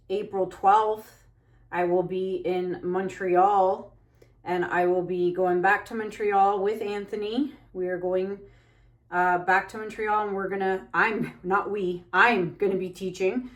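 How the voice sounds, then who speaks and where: Woman, unhurried speech, anxious rambling, casual painting chat, frequent fillers. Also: fairly low pitch. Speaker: fluid art painter and channel host.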